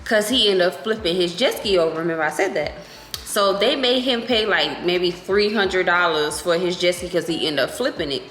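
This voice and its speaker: A young woman vlogger telling a story in a casual, animated, profane way. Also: lowish voice, normal speed. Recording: echoey room with faint music.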